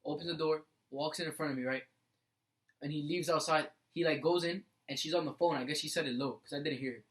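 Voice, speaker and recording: A young man co-hosting a casual podcast, telling animated school stories full of "like" and "bro.". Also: fairly high pitch, quick pace, low-quality recording. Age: young adult. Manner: animated storyteller, fills with "like" and "bro". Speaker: podcast co-host. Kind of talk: casual chat.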